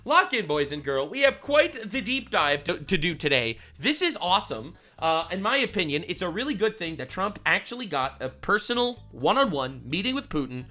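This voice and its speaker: A young man hosting a profane, animated reaction commentary vlog, ranting as he talks. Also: high voice, normal speed, hardly any pauses, soft background music. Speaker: online commentator.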